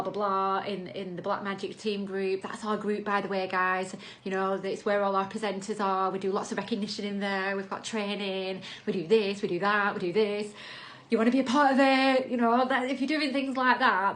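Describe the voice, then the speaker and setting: A woman's voice: mid-range voice, fairly bright tone. Upbeat woman coaching on a live stream. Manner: chatty, upbeat, acts out example lines. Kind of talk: live video coaching talk.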